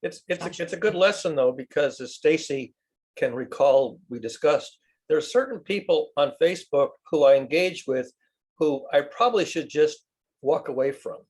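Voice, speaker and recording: This is a thoughtful, agreeable man talking on a group video call. His voice has a husky, breathy edge. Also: on the high side, moderate pace, a little mellow. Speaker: discussion group member.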